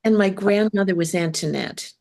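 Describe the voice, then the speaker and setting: A woman's voice: medium pitch, moderate pace, vocal fry, darkish tone. An older woman hosting a casual chat, telling stories in a chatty way. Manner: chatty, storytelling.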